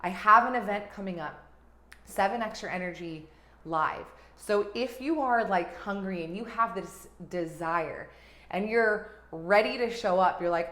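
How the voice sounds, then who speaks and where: A woman life coach hosting her podcast, giving an energetic, gushing motivational talk that swings between loud and hushed. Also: medium pitch, unhurried. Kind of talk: motivational monologue. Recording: roomy echo.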